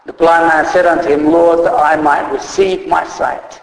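A man's voice: fairly high pitch, steady tone, normal speed, hardly any pauses. A man preaching a sermon in an earnest, unscripted way, reading scripture aloud and correcting himself as he goes. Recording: echoey hall reverb.

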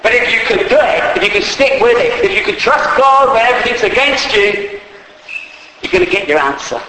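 Man, preacher, sermon, emphatic, very high voice, long hall reverb, faint background ambience. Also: animated, brisk, sharp tone, a little hiss or hum. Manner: emphatic, spells words out, acts out believers' voices.

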